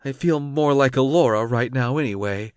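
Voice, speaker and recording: A man voicing a gentle, timid young woman, once a nun, in an audiobook. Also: a bass voice, normal speed, no echo, clean studio sound, pitched above the performer's own voice. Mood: polite.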